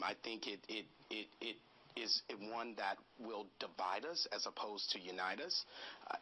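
A man who is a political consultant, speaking earnestly and a little haltingly in a broadcast interview clip. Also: mid-range voice, bright, forceful tone, slight background noise, poor audio.

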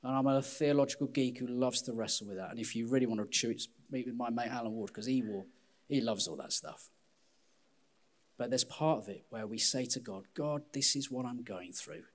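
A man preaching a sermon as pastor, candid and self-deprecating, with an animated delivery. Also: mid-range voice, a little fast.

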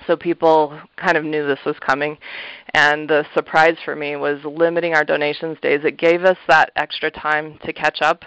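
A man talking earnestly and reflectively as an interview guest, a thrift shop manager, with soft laughs and fillers. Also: fairly high pitch, flat delivery, normal speed, clean tone, no room sound. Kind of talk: casual interview answers. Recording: slightly muffled, dull audio.

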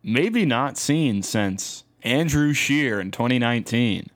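A man's voice: medium pitch, lively intonation, slow. A Canadian man in his forties co-hosting a casual podcast, delivering opinionated political commentary. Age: 40s. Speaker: co-host.

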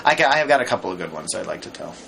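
A man's voice: low-pitched, big pitch swings, rapid-fire, creaky, over loud music, low-quality recording. Rambling, jokey man chatting. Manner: rambling, many fillers and restarts, jokey asides. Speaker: podcast guest. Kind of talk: casual chat.

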